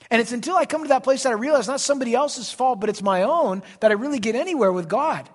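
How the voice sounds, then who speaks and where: A man, a pastor, preaching a sermon in church, emphatic, swinging between loud declarations and soft asides. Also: very high voice, fast talker, few pauses.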